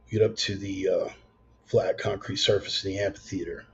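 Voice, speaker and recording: Low-voiced man preaching by telling a story. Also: steady tone, fairly quick, lo-fi sound, a little hiss or hum. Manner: conversational, emphatic, swears in passing. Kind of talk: storytelling sermon.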